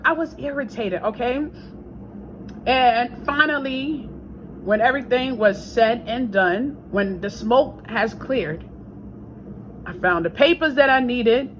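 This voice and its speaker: A woman vlogging a casual faith testimony, chatty and repetitive, swinging between hushed prayer and raised exclamations. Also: fairly high pitch, low-quality recording. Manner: chatty and repetitive, with laughs and asides.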